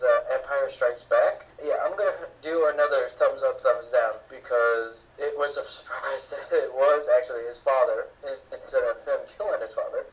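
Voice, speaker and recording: A man co-hosting a casual movie podcast, speaking hesitantly with many pauses. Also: mid-range voice, lo-fi sound. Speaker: podcast co-host. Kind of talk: casual movie review chat.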